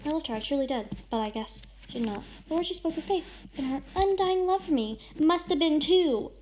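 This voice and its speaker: A woman with a high voice reads a friend's story aloud in an over-the-top, melodramatic way, breaking off for casual remarks. The recording has a steady layer of noise under her voice. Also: fairly quick. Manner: over-the-top dramatic reading, shouts and sobs in the big lines. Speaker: vlogger reading a friend's writing.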